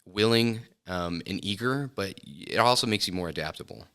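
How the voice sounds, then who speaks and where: Middle-aged guy on a podcast, deep voice but bright, lots of ums and restarts. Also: expressive, moderate pace, smooth. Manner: reflective, hesitant with many fillers and restarts. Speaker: filmmaker guest. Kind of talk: casual interview chat. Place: podcast studio.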